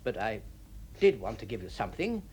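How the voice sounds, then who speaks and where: George, a gruff grumbling husband. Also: male voice, on the low side, big pitch swings, brisk, a little mellow, a little hiss or hum. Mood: exasperated. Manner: gruff, irritable. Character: grumpy penny-pinching middle-aged husband. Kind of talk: 1960s radio drama acting.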